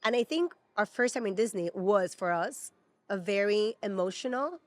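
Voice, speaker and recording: A woman's voice: mid-range voice, expressive, normal speed. Chatty Peruvian-born woman, fillers galore. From Peru. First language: Spanish. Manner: chatty and emotional, many fillers. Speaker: podcast co-host. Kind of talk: casual chat. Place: at a theme park.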